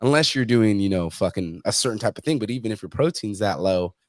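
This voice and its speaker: A low-voiced man speaks bluntly and swears often, telling stories from his coaching and acting out what people said. The sound is close and dry, with no room around it. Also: lively intonation, quick pace, no echo. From Mexican heritage. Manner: blunt, profane, storytelling with quoted asides. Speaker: fitness coach, guest. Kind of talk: casual interview chat.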